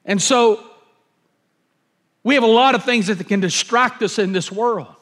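High-voiced pastor preaching. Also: male voice, a little slow, fairly bright tone. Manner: repetitive, emphatic, acts out scenes. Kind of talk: sermon.

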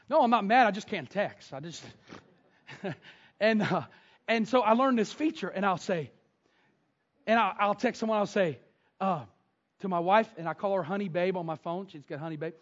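A man with a high voice preaches in a church sanctuary, telling stories and moving from hushed tones up to loud calls. The recording sounds dull and lo-fi. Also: animated, moderate pace, long pauses. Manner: storytelling, swings from hushed to shouting. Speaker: pastor. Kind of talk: sermon.

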